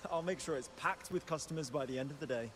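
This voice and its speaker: An actor voicing a cheerful, eager male character in a video game, heard as soft, distant game audio. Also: on the high side, fast, a little hiss or hum, lightly acted.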